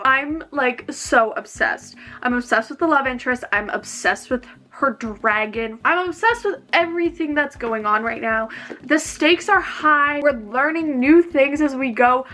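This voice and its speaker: A woman's voice: high-pitched, bright, forceful tone. A young woman in her twenties vlogging at home about her reading, chatty and gushing. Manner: chatty and gushing, lots of "like" and "obsessed". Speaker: book vlogger. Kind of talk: casual reading vlog. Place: home, indoors.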